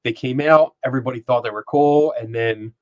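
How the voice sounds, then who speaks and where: A man's voice: mid-range voice, brisk, dry recording, highs cut off. Chatty man hosting a live stream. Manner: rambling, chatty, laughs often, reads chat aloud. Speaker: podcast host. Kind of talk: casual live-stream chat. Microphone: dynamic microphone.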